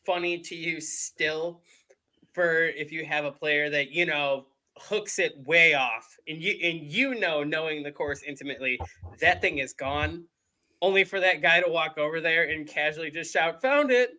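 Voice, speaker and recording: Joking guy cohosting a podcast, bright sharp voice, kinda high. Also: fairly even intonation, normal speed. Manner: playful, joking. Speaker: podcast co-host. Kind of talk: casual joking banter.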